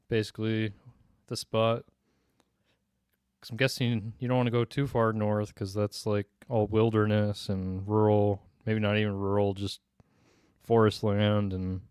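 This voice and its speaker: A man's voice: on the low side, darkish tone, clear, resonant tone, dry recording, studio quality. A young man from Minnesota with a slight Minnesota accent, chatting casually with his stream viewers and laughing often. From Minnesota, USA. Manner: laid-back, laughs often, answers chat. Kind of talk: casual livestream chat.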